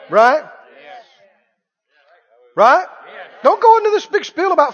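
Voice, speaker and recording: High-voiced preacher in an echoing hall. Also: male voice, expressive, a little fast. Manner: emphatic, repeating phrases, shouting at peaks. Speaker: pastor. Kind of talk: sermon. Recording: dull lo-fi sound with long hall reverb.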